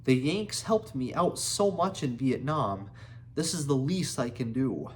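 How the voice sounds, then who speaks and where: A man voicing a tough retired Australian soldier in his fifties, who talks briskly with an Australian accent. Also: medium pitch, expressive, slight background noise, lightly acted. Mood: reassuring. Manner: brisk, barking offers of help.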